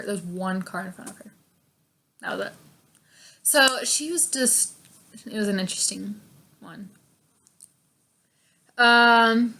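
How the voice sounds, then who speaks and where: A young woman with a bright, fairly high voice chats through stories about her first job. She talks casually, packs her sentences with fillers, and laughs often. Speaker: vlogger. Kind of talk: casual storytime chat.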